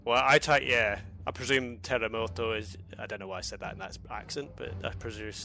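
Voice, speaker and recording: A man's voice: lowish voice, brisk, creaky, pushed and bright, faint music behind. A man doing casual live commentary on a strategy game match, rambling loosely and laughing often. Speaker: esports commentator.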